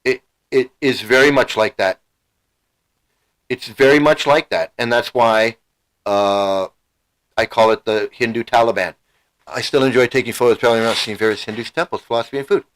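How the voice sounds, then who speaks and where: A man's voice: mid-range voice, steady tone, normal speed, fairly bright tone, rough recording. Heated middle-aged man ranting. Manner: heated and emotional, repeating himself, swearing. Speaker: channel host. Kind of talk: angry livestream rant.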